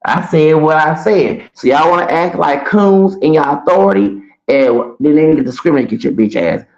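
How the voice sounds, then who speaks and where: Man with a gravelly voice ranting. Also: a little high, lively intonation, moderate pace, muffled recording. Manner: heated, rambling, repeats himself, swings loud and soft. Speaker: vlogger. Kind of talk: ranting personal story to camera.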